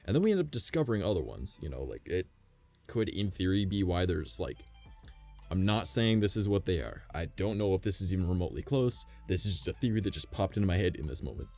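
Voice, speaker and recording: A deep, gravelly male streamer talks casually at home, drifting from thought to thought and cursing freely. His pitch rises and falls a lot as he goes, with faint music underneath. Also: big pitch swings, fast, dark tone. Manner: rambling, swears a lot, speculative. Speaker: livestreamer.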